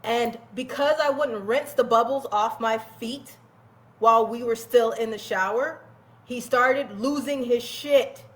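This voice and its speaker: A woman with a slightly high voice tells a personal story in casual talk. She is candid and animated, swears freely and breaks into laughter often. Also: unhurried. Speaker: guest telling her life story.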